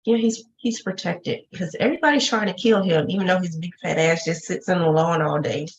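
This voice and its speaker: A woman co-hosting a TV review, cutting in with quick jokes. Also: on the low side. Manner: quick joking interjections. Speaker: co-host. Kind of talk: casual review chat. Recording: dull lo-fi sound with faint noise.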